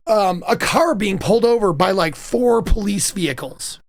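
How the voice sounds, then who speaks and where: A young man with a gravelly edge to his voice tells wild stories in a loose, casual chat. His pitch swings up and down as he gets into it, and he laughs between lines. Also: moderate pace, no echo. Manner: animated, laughing storyteller. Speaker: host interviewing his mother.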